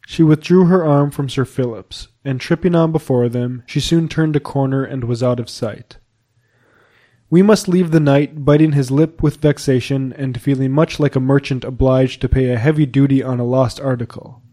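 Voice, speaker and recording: Man, audiobook narrator, measured storytelling, warm dark tone. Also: medium pitch, fairly even intonation. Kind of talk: scripted narration of a period novel.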